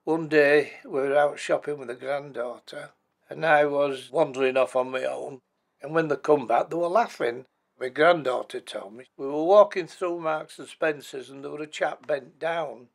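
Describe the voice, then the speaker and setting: Man in his eighties, gravelly and plain-spoken, telling his own story. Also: fairly high pitch, normal speed. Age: 80s. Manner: plain-spoken, matter-of-fact, blunt everyday words. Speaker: bereaved husband and former carer. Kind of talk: personal life story told for a documentary.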